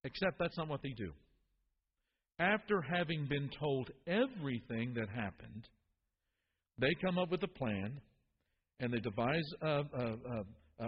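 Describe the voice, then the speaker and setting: A man's voice: mid-range voice, slightly rough, long reverb tail, dull audio. A man preaching a sermon, earnest, often repeating words as he builds to a point.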